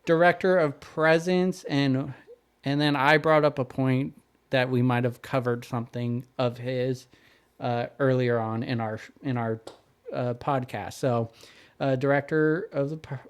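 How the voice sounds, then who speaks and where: A man's voice: medium pitch, fairly even intonation, measured pace, clear, resonant tone. A man co-hosting a podcast, reading through follow-up notes in casual chat with fillers. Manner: reads notes and lists, hesitant with fillers. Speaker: podcast co-host.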